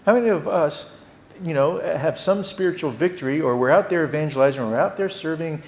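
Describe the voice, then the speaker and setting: A man teaching a theology class at a church. He talks in an animated way and often repeats words. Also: fairly high pitch, a little fast, roomy sound. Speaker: Bible teacher.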